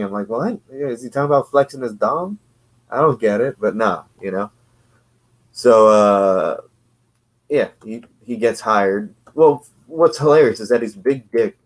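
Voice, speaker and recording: A man's voice: on the low side, moderate pace. A man casually reviewing an old comic book, sarcastic and rambling, laughing often.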